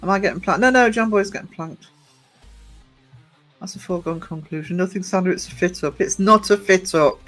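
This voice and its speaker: A man on a casual live stream, chatty and teasing, greeting viewers by name and laughing often, talking from a gym while low on energy. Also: fairly quick, pauses often, a bit bright, faint music behind.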